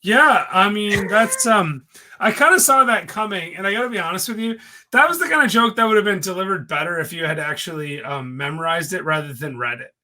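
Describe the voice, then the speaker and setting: High, bright-voiced joking male podcast host. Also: brisk. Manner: joking, animated storyteller. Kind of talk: casual chat.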